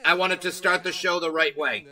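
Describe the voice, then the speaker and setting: A man's voice: high voice, fairly even intonation, normal speed, sharp tone, poor audio. A man hosting a casual livestream, nervous and rambling, swearing as he talks to his chat. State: anxious. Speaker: livestream host.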